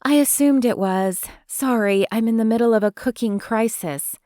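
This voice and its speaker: A woman's voice: a little high, moderate pace, dark tone, no room sound, clean studio sound, natural voice. A woman narrator voicing a sweet, easily flustered young woman in an audiobook. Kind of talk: audiobook character voice.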